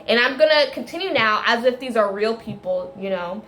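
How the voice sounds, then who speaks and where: High-voiced woman ranting casually. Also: brisk. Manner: rambling, animated, many restarts and tangents. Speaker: video creator. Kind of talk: casual film rant.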